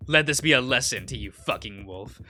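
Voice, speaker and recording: A man voicing a vicious masked male snow leopard thug who shouts threats in a loud, raised voice. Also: mid-range voice, animated, a little fast, faint music behind. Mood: menacing.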